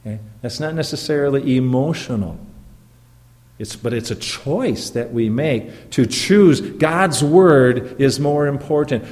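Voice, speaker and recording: Slow, emphatic preaching man in a reverberant hall. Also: mid-range voice, darkish tone. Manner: earnest, emphatic preaching with rhetorical questions. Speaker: pastor. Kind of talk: sermon.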